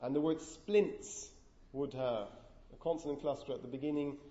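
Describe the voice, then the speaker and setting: A man's voice: medium pitch, steady tone, normal speed, mellow. A man giving a university lecture on linguistics, explaining step by step and putting questions to the class. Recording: echoey, dull lecture room recording.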